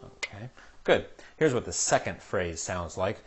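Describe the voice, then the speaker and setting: Low-voiced man teaching piano, patient. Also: lively intonation, unhurried. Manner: patient, methodical, counts beats aloud. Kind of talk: step-by-step music lesson. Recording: piano playing behind the voice. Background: piano playing.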